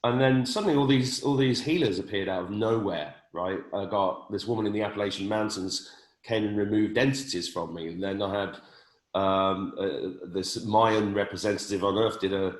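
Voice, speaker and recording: Lower-voiced man in his fifties, echoey. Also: moderate pace. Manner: earnest, stammering restarts. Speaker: host. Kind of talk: casual conversation.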